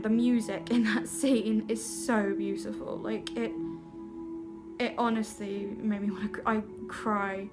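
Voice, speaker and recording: Young woman gushing about a movie, giggly and rambly, kinda high voice, soft music behind. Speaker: vlogger. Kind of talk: casual film review vlog.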